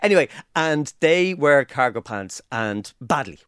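A young Irish man co-hosting a podcast in casual chat, joking and rambling with quick laughs. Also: mid-range voice, lively intonation, a bit bright, smooth, no room sound, clean studio sound. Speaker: podcast co-host.

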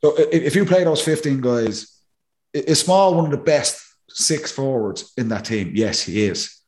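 A man's voice: mid-range voice, moderate pace. A man, a former player, analysing a match in casual podcast talk and acting out what players think. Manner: animated, acts out players' thinking.

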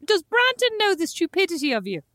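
A woman co-hosting a podcast in casual, animated, teasing chat. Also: very high voice, brisk, no echo. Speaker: podcast co-host.

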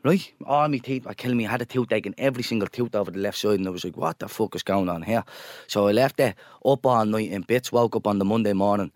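A man's voice: fairly low pitch, fast talker, few pauses, darkish tone, dry recording, studio quality. A man co-hosting a podcast, telling a long anecdote in casual chat and checking in with "right?" and "yeah?" as he goes. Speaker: podcast co-host.

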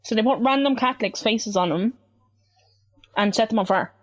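A woman's voice: fairly high pitch, normal speed. A young woman telling a story in casual chat, acting out what others said. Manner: animated storytelling, acts out quoted voices.

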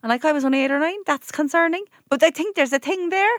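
A young Irish woman rattles through stories at a brisk clip, her voice sitting a little high. She co-hosts a podcast in a casual, chatty way, and the sound is close and dry. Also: no echo. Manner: rapid, animated anecdote-telling. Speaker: podcast co-host. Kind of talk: casual chat.

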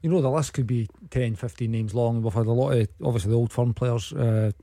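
A man's voice: mid-range voice, a little fast, dark tone, no room sound, studio quality. A man giving brief football views as a radio pundit.

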